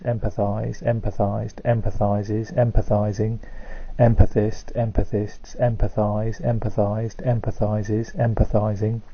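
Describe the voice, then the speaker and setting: A man reading a long list of dictionary words aloud, one at a time, in a flat, steady way. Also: fairly low pitch, lo-fi sound. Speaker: word list reader.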